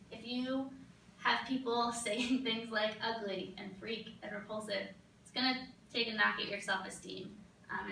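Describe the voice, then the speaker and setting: A young woman gives a capstone presentation in a lecture room, her voice bright and slightly high. She explains earnestly, with frequent ums. The sound is echoey and distant from the mic. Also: a little hiss or hum. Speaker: graduate student presenter.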